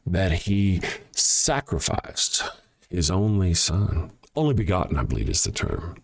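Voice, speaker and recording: A man hosting a show, delivering a mocking, sarcastic monologue that swings between loud jabs and quiet asides. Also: low voice, very animated, normal speed. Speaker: show host. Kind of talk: ranting monologue.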